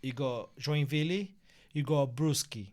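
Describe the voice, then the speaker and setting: A man's voice: mid-range voice, unhurried, darkish tone. A young man with a Brazilian Portuguese accent, speaking English as a second language as a podcast guest, chatting casually and laughing often as he acts out voices. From South Brazil.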